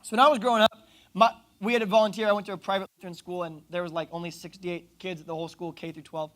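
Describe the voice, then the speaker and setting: A young man from Oklahoma preaching a youth sermon, telling stories with jokes and quick asides. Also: sits high. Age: young adult. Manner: animated, joking storyteller with asides. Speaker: youth pastor.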